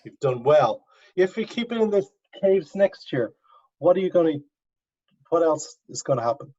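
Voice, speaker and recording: A man's voice: on the high side, sing-song, moderate pace, dark tone. A male university professor teaching an online class, coaxing students step by step over a video call. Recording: dull lo-fi video call audio.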